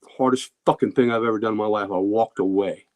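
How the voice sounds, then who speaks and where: A man hosting a podcast, talking candidly and emotionally in casual comic-book commentary, with halting pauses. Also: lowish voice, steady tone, darkish tone. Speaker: podcast host.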